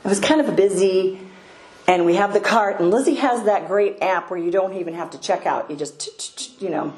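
An older woman giving a devotional talk, unhurried and hesitant, pausing often. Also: mid-range voice, darkish tone. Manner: unhurried, hesitant, many pauses. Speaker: speaker sharing a devotional story. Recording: echoey room, faint ambient noise.

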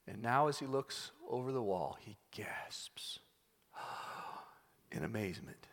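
A man preaching a sermon, retelling a Bible story as an animated storyteller who acts out scenes. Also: mid-range voice. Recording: long hall reverb.

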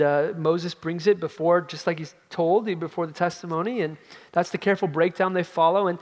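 A man preaching a sermon as a pastor, emphatic and dramatic, with his voice swinging from loud outbursts to hushed low passages. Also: in a large hall.

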